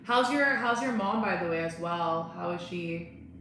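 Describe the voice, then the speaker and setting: A woman's voice: lowish voice, unhurried, a bit bright, slight background noise. A young woman chatting casually on a live stream, bubbly and laughing often as she greets viewers. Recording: very echoey room.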